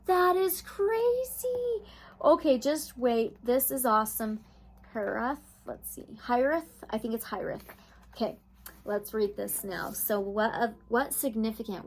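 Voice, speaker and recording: A woman's voice: fairly high pitch, a little hiss or hum, low-quality recording. Soothing spiritual tarot reader woman. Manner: slow soothing guided-meditation reading, breaking into excited gushing. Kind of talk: reading oracle cards aloud.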